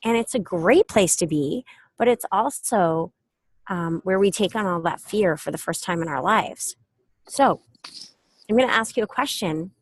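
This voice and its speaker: Middle-aged woman, lively motivational storytelling. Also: medium pitch, measured pace, slightly rough, no echo. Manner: animated storytelling with acted quotes. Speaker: self-help speaker. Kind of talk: casual motivational talk. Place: airport.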